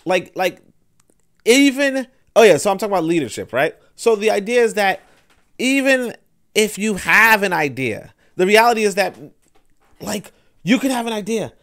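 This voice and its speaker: A man's voice: sits high, lively intonation, moderate pace, a bit bright. A man hosting a podcast, talking in a loose, rambling monologue full of fillers and restarts, acting out other people's words as he goes. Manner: acts out others' words in quoted asides. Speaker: podcast host. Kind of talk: casual monologue commentary.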